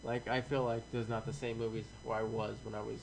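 A man's voice: lowish voice, little pitch movement, fast, creaky, poor audio. A man in his thirties in casual podcast chat, rambling and swearing often. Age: 30s. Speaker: podcast co-host. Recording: faint hum, quiet mic.

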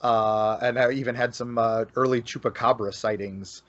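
Here a Florida man with a medium-pitched, slightly bright voice keeps a steady tone at a moderate pace. Guesting on a casual podcast, he talks about local folklore in a rambling way, full of fillers and restarts. The sound is dull, dry lo-fi with no echo.

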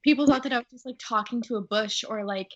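A woman's voice: a little high, fast talker, fairly bright tone, dull audio. A young woman, an actor, chatting breezily in an interview with plenty of "like" and "um". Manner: breezy, lots of "like" and "um". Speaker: actor guest. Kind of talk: casual interview chat.

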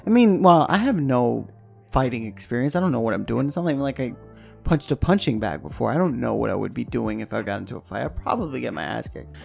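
A young man from New York chats on a podcast, telling animated stories full of swearing. His voice has a gravelly edge, and faint music plays behind him. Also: mid-range voice, fast. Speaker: podcast co-host. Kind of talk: casual chat.

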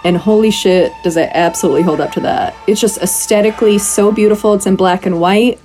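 A woman's voice: mid-range voice, fairly quick, dark tone, soft background music. A woman co-hosting a podcast, chatting casually and animatedly about films, acting out quotes and swearing freely. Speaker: podcast co-host. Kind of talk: casual film review chat.

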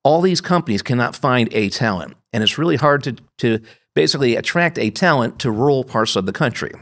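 A man's voice: medium pitch, expressive, a little fast. A man in his fifties from upstate New York, a podcast guest telling long personal anecdotes with frequent restarts. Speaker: guest, company founder. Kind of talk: conversational interview storytelling.

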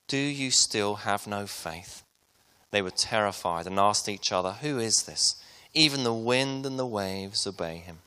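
A man preaching a sermon to his congregation, retelling a Bible story and then speaking softly and personally to the listeners. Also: lowish voice, smooth. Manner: storytelling preacher, soft and intimate at the close. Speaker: pastor.

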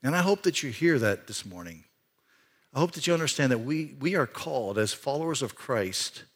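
A man pastor giving a conversational sermon in a church, swinging between excited rises and quiet, hushed stretches. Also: medium pitch, moderate pace, breathy edge. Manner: animated, conversational preaching with sudden rises and hushed drops. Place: church sanctuary.

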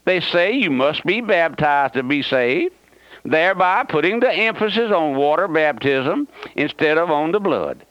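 A man's voice: a little high, expressive, measured pace, fairly bright tone, no echo. Folksy man preaching over dull radio. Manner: folksy, emphatic preaching with many fillers and restarts. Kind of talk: radio sermon. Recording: dull, dry radio broadcast.

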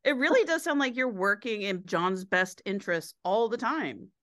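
A woman hosting a casual interview, admiring and encouraging her guest and quick to laugh. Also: medium pitch, animated, fairly bright tone, dry recording, studio quality. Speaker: podcast host.

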